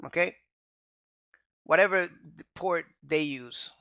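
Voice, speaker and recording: A man's voice: fairly high pitch, slow, bright, forceful tone, dry recording, clean studio sound. A man teaching programming in a screencast, talking casually and often checking in with the viewer with "okay?" and "right?". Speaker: programming instructor. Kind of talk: screencast coding tutorial.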